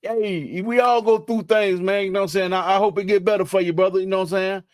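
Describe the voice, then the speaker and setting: A man's voice: high voice, fairly even intonation, quick pace, no room sound, clean studio sound. A young man chatting casually on a live stream, laughing and teasing in slangy talk.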